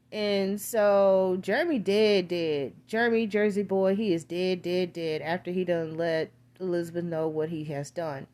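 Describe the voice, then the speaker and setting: A woman's voice: mid-range voice, a little mellow. A woman tells a film's plot in loose, casual chat. She rambles from point to point, drops crude slang and leans on filler words throughout. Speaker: film reviewer. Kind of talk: casual film recap.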